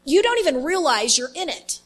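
A woman leading an inner healing ministry, telling an animated story with many fillers in a faith-based teaching talk. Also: high voice, a little fast, low-quality recording.

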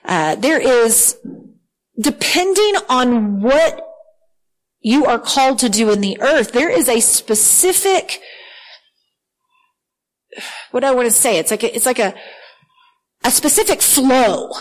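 A woman preaching a sermon with earnest, animated delivery, often repeating words as she reads scripture aloud. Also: fairly high pitch, unhurried, low-quality recording.

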